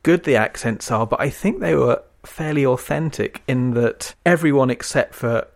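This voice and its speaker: A man's voice: mid-range voice, normal speed, gravelly. Fluent man podcast co-host. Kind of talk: casual chat about an old TV series.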